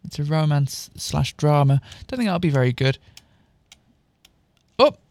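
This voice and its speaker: Brief: man, high and lively, sarcastic fan-fiction reader, dry close sound. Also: measured pace, no echo. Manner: mocking, exaggerated dialogue voices. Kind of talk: sarcastic dramatic reading with asides.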